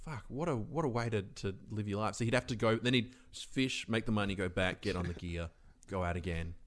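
A man's voice: on the low side, fairly quick. A man from Western Australia, a podcast guest chatting casually and rambling through stories. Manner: rambling, laughing, trails off mid-sentence. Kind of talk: casual chat.

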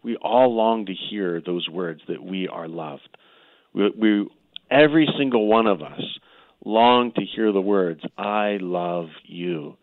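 Very deep-voiced priest on a phone line. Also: male voice, measured pace, no room sound. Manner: gentle, earnest, fond of "you know" fillers and restarts. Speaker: priest guest. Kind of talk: spiritual teaching on call-in radio.

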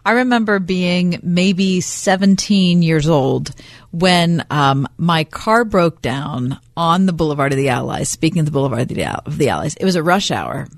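A woman's voice: sits low, animated, moderate pace, dry recording. A woman co-hosting a radio show, trading casual banter and telling stories with a teasing wit. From Pittsburgh. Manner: chatty, storytelling, teasing.

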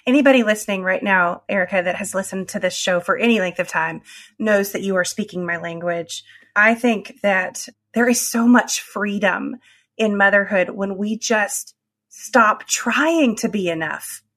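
A woman's voice: mid-range voice, normal speed, fairly bright tone. A middle-aged woman hosting a faith-based podcast, talking in an emphatic, affirming way. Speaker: podcast host.

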